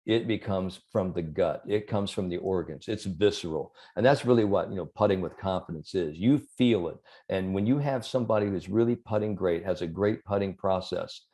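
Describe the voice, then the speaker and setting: Mellow-voiced man, sports psychologist guest. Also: low-pitched. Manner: animated storyteller, many "you know" fillers. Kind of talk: conversational interview.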